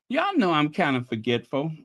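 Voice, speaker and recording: Guy streamer reading chat out loud, slow and chatty, keeps apologizing, nervous laughs, dry sound. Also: a little high, dry recording. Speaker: channel host reading live chat. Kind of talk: casual livestream chat.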